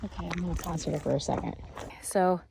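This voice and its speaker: A woman flower farmer walking her field with a handheld camera, thinking aloud and bursting into high excited exclamations. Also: brisk, vocal fry, slight background noise. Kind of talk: walk-through farm vlog. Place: outdoors on a flower farm field. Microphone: handheld camera carried while walking.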